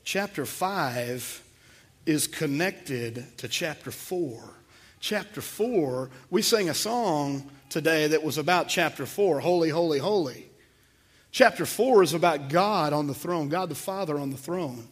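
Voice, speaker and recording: Male pastor, slightly high-pitched, emphatic sermon delivery. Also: expressive, measured pace, breathy edge. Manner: emphatic preaching with swells in volume, repeats words.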